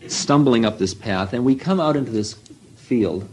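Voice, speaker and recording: A man's voice: medium pitch, expressive, moderate pace, a little hiss or hum, poor audio. A man telling a rambling first-person story, full of asides and self-mocking remarks.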